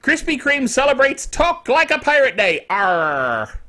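A man's voice: very high-pitched, expressive, moderate pace, bright, forceful tone. A middle-aged man hosting his own netcast in a casual, jokey way, with playful asides. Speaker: podcast host. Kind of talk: casual solo netcast chat.

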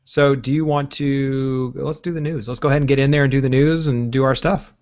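A man's voice: medium pitch, brisk. Easygoing man hosting a tech podcast. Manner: relaxed, joking, rambling. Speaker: podcast host. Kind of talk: casual tech podcast chat.

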